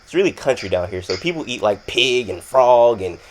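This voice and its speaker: A man's voice: medium pitch, lively intonation, fairly quick, slight background noise. A young man from Florida hosting a casual interview, laid-back and saying "man" often. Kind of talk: casual chat.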